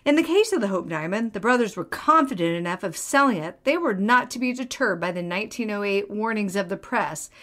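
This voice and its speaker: A woman's voice: medium pitch, lively intonation, fairly quick, hardly any pauses, fairly bright tone. A woman co-hosting a podcast, chatting casually and reading bits of an article aloud, with sarcastic asides and frequent laughs. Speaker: podcast co-host.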